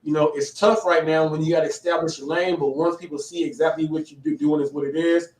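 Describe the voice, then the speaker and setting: A man's voice: on the high side, fairly even intonation, quick pace, a little mellow. A man hosting a casual live interview, talking in a rambling, slangy way with many restarts. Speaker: host. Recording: echoey, distant from the mic.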